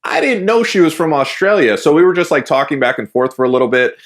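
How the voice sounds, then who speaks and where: A man's voice: a little high, big pitch swings, quick pace. A man hosting a podcast in casual chat, laughing often and stammering on restarts. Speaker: podcast host.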